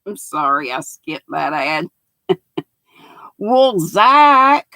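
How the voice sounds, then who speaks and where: A woman's voice: lowish voice, very animated, extremely slow, pushed and bright, no echo, poor audio. An older woman, hosting a livestream in a folksy, chatty way, reading out comments from her viewers. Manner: folksy, chatty, laughs often. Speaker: livestream host.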